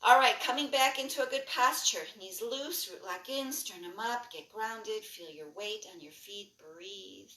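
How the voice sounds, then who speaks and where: A woman instructor leading a guided breathing and movement class, giving calm, rhythmic cues that are mostly soft with brighter bursts. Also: mid-range voice, unhurried, few pauses, distant mic, a little hiss or hum. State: lightly breathless while jumping. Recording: echoey room, voice a bit off-mic.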